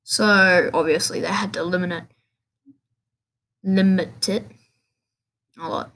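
A woman's voice: fairly low pitch, steady tone, takes it slowly, a bit bright. Woman, podcast host, casual gaming chat, rambling, keeps restarting, offhand.

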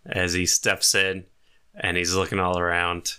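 Game master narrating, a man with a bright, sharp tone and a slightly low voice. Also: monotone, a little slow, smooth. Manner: laughs often while narrating.

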